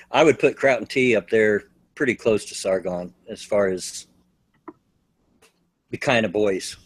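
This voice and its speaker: A man's voice: fairly low pitch, slow, long pauses, husky, dry recording. Easygoing man chatting on a stream. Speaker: livestream guest. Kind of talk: casual group livestream chat.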